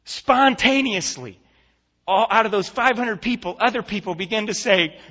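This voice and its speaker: Guy pastor preaching, bright kinda sharp voice, echoey hall, a bit muffled. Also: high voice, moderate pace, breathy edge. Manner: vivid storyteller, turning earnest and hushed for the appeal. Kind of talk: sermon with story-telling. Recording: echoey church hall, dull lo-fi sound.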